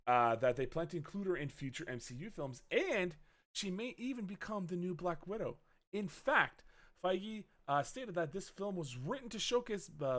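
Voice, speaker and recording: A man's voice: a little high, sharp tone. A man co-hosting a casual movie review chat, rambling with lots of fillers, self-corrections and swearing. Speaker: podcast co-host.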